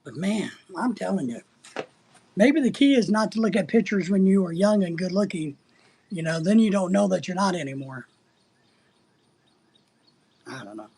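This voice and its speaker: A man's voice: high voice, lively intonation, moderate pace, creaky, long pauses, a little mellow, slight background noise. A middle-aged man hosting a casual livestream, reading out chat and rambling in a crude, joking way.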